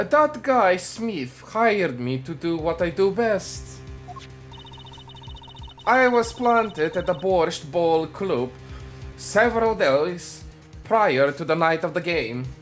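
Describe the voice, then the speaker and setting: In a fan voice-over for a game, a man plays a scheming female card dealer with a put-on Russian accent. His high, expressive delivery is slow, sly, and boastful, with soft music playing in the background.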